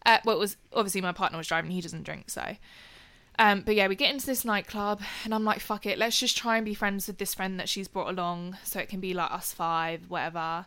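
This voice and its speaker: Young woman, bright and lively voice, cheerfully sweary storyteller. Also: medium pitch, fairly quick. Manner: swears freely, laughs through the story. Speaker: podcast co-host telling a story. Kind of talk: casual chat.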